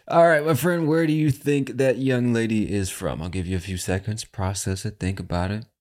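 A man's voice: on the low side, moderate pace, a little mellow. A man hosting a podcast in a brash, chatty style, swearing freely. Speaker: podcast host. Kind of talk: casual podcast chat.

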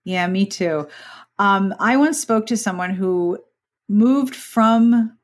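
A woman's voice: medium pitch, takes it slowly. An enthusiastic woman hosting a podcast chats eagerly with her guest, tossing in playful asides. She grew up in Pittsburgh and keeps her talk loose and friendly. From Pittsburgh, USA. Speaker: podcast host.

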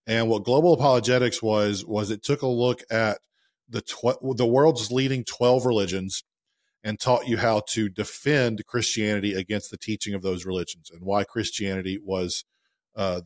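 Brief: thirties man, low-ish voice, easygoing podcast co-host, dry close sound. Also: normal speed, no echo. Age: 30s. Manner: relaxed, self-deprecating, conversational. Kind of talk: casual podcast chat.

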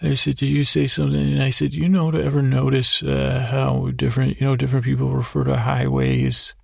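Gravelly man rambling through a sleep story. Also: medium pitch, flat delivery, dry recording, clean studio sound. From United States. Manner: meandering, halting, full of restarts. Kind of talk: rambling improvised bedtime story.

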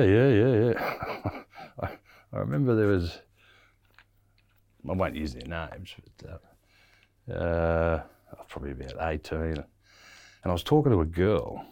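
Deep-voiced Australian man spinning a yarn. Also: a little mellow, no room sound. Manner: rambling, many fillers and restarts. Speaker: interview guest. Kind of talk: casual storytelling.

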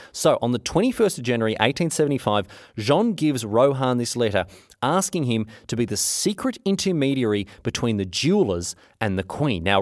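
A man's voice: medium pitch, dry recording, studio quality. A young man hosting a podcast, retelling history in a slangy, jokey way. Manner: slangy, jokey, lively retelling with put-on quotes. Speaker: podcast host. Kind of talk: casual history storytelling.

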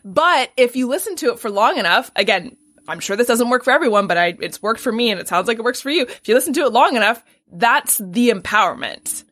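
A woman's voice: on the high side, lively intonation, quick pace, a bit bright. A woman hosting a podcast, chatting casually and filling her talk with "like" and "right?". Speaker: podcast host. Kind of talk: casual interview chat.

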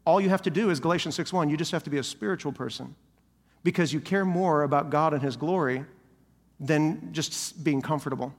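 A man's voice: a little high, brisk, big-room sound. A male senior pastor giving a sermon, preaching animatedly and acting out the voices of people he quotes.

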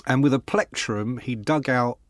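A man's voice: medium pitch, normal speed, no echo, studio quality. A man from Ireland telling rock-touring stories in a casual podcast chat. He acts out the people in his stories with voices. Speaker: podcast guest.

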